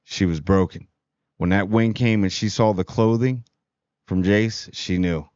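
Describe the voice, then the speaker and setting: Male reviewer, low and slangy, rambling; dry, dull-sounding home recording. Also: a little slow, darkish tone, dry recording. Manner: rambling, slangy, quoting characters in paraphrase. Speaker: show host reviewing TV. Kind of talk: casual spoiler review.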